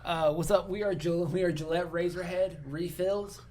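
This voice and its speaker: A man's voice: high-pitched, steady tone, normal speed, a loud crowd, voice pushed up, close to an everyday voice. A man mimicking a whiny young band frontman. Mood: mocking. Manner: mock announcing, sarcastic.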